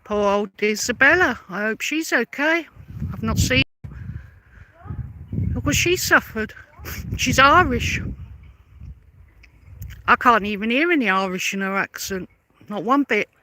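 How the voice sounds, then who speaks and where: A woman's voice: fairly high pitch, animated, normal speed, long pauses, background noise. A woman delivering a confrontational, sarcastic rebuttal rant as a vlogger, firing repeated pointed questions. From London. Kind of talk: angry rebuttal rant to camera.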